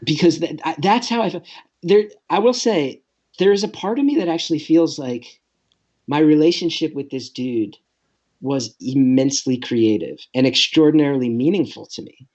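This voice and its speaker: A man's voice: on the high side, moderate pace, darkish tone, dull audio. Rambling, self-deprecating man in his late 30s. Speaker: guest comedian. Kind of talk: casual podcast storytelling.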